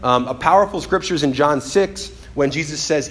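A man preaching a sermon in an animated, conversational way, often acting out quotes and restarting his phrases. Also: fairly high pitch, fairly quick.

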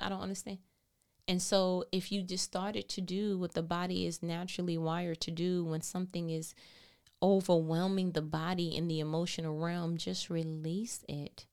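A woman's voice: lowish voice, a little mellow, smooth. A woman hosting a faith-based motivational talk, earnest and encouraging, asking rhetorical questions. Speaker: host.

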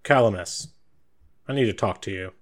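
Man doing a stern gruff guard captain. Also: on the low side, normal speed, natural voice. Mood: commanding. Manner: stern, commanding.

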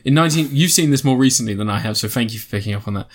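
A man's voice: mid-range voice, rapid-fire, slight background noise. A man co-hosting a casual podcast and reviewing films, rambling and cutting himself off with crude jokes. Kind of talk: casual chat, film review.

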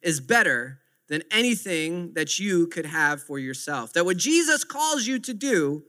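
A man's voice: on the high side, big pitch swings, a little slow, sharp tone. A man in his thirties preaching a sermon with earnest, repetitive emphasis. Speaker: pastor.

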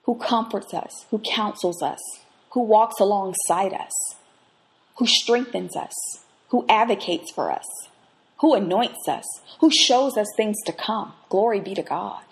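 Her voice is mid-range and her pace measured as she teaches on her faith podcast, mixing devotional lessons with stories from her own life. As a Bible teacher, she shifts expressively from soft, reflective moments to lively tales.

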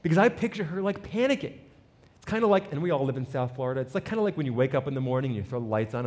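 A male pastor giving a conversational sermon, informal and prone to repeating words as he builds a point. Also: sits high.

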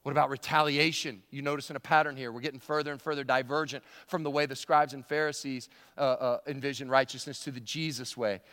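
A man's voice: medium pitch, fairly even intonation, fast, hardly any pauses, a bit bright, long reverb tail. A male pastor preaching a sermon in a conversational way, often repeating words and chuckling.

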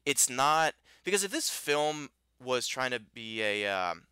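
A man's voice: medium pitch, very animated, unhurried, pushed and bright, clear, resonant tone, dry recording. A man co-hosting a podcast, chatting casually and animatedly about a film, rambling with many restarts. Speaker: podcast co-host. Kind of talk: casual film review chat.

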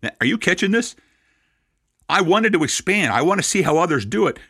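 Speaking briskly in a high, slightly rough voice, this sixty-something Messianic rabbi delivers his sermon with animated stories and wry jokes at his own expense. The recording has no echo.

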